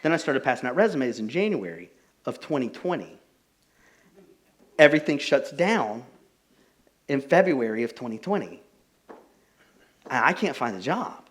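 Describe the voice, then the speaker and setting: A man's voice: medium pitch, normal speed, long pauses. A young adult man preaching a casual, conversational sermon as pastor, telling stories with plenty of filler words. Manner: animated storytelling, many fillers like "like".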